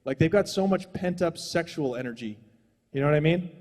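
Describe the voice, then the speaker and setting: A man's voice: a little high, lively intonation, fairly quick, darkish tone, long reverb tail. A young adult man doing a stand-up comedy set on a small stage, rambling and profane in a loose, conversational way.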